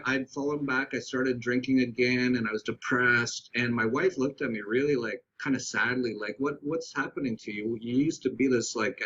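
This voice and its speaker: A man as a podcast guest, telling a candid personal story in a reflective, halting way with many restarts. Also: mid-range voice, fairly bright tone, muffled recording.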